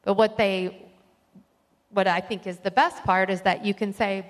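A woman of average pitch talks earnestly to a church group, circling her point with fillers and restarts. Her voice rings out with a long reverb tail from the big hall around her. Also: flat delivery, measured pace. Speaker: group member sharing a testimony. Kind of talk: heartfelt personal sharing.

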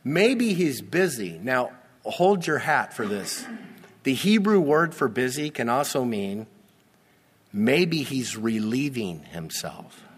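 A man's voice: mid-range voice, sing-song, takes it slowly, breathy edge, big-room sound. A man preaching a sermon, reading scripture with emphatic, teasing asides. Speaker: pastor.

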